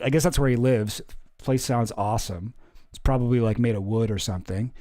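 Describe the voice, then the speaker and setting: A man's voice: medium pitch, fairly even intonation, brisk, warm tone. A man giving casual, profane commentary, sarcastic and ranting, mocking official statements in a pompous read-aloud voice. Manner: sarcastic, ranting, swears a lot. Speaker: commentary streamer.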